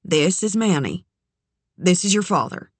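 A woman's voice: fairly low pitch, expressive, a little slow, husky, no echo. A woman voicing a guarded, tense mother with a dusky, tight voice in a storybook reading.

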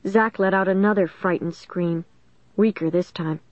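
Woman audiobook narrator, lowish voice, dramatic reading, dull and dry recording. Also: normal speed, dry recording. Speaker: audiobook reader. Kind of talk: scripted storybook narration.

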